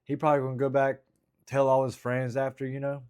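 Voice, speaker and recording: A man talks through his stand-up drafts in a relaxed vlog style. He rambles with frequent restarts and self-critical asides. His voice sits at an ordinary male pitch. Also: fast talker, clear, resonant tone. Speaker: stand-up comedian. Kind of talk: casual vlog, working through stand-up material.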